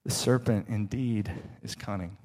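A man's voice: on the low side, fairly even intonation, measured pace. Man preaching a dramatic sermon. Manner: dramatic storytelling, dropping to soft, hushed tones.

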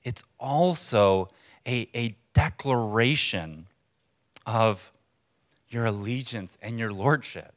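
A man preaching a sermon in a church to a congregation, in a conversational, earnest way with pauses for emphasis. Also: medium pitch, lively intonation. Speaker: pastor.

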